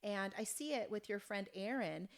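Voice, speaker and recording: A woman in her fifties from Oregon, a podcast guest telling a story in an earnest, halting way with many restarts. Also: mid-range voice. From Oregon, USA. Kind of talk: conversational storytelling.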